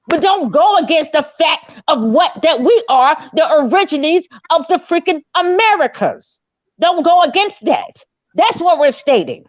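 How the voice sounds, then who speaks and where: A woman with a high voice presses her point over and over in a heated online audio debate. She sounds insistent and keeps asking to be respected. The sound is dry and dull, like a lo-fi voice-chat stream. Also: very animated, unhurried, no echo. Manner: insistent, repeats herself, pleads for respect.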